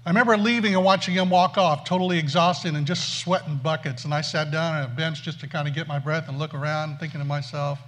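A man preaching through a funny personal story, animated and self-mocking. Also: fairly high pitch, fast, hardly any pauses. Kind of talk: storytelling sermon.

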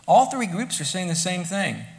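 A man preaching a sermon, emphatic, moving between quiet asides and loud bursts. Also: high voice, big pitch swings, moderate pace, vocal fry. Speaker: pastor.

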